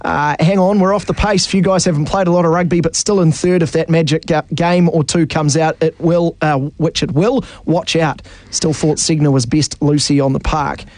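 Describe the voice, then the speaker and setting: Nz guy hosting sports radio, reads out texts fast n dry, bit high pitched, dead dry mic. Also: fairly even intonation, a little mellow, dry recording. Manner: brisk, reads messages aloud with dry asides. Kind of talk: sports talk radio, reading listener texts.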